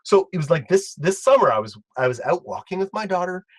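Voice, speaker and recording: Rambling, excitable man on a dry mic. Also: high voice, brisk, no room sound. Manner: rambling, excitable, many restarts. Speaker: co-host and video editor. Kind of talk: casual commentary chat.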